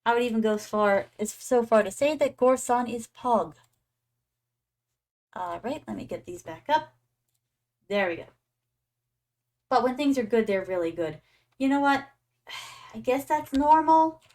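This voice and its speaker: A woman's voice: on the high side, animated, measured pace, long pauses, a little mellow. A young adult woman streaming a game, chatting playfully and calling her viewers "my darlings". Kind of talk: casual gaming stream chat.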